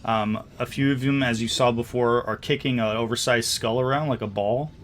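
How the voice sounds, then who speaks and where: A man's voice: medium pitch, fairly even intonation, normal speed, a bit bright. Male game master, loose hesitant narration, faint hiss behind. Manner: casual, hesitant narration with many fillers.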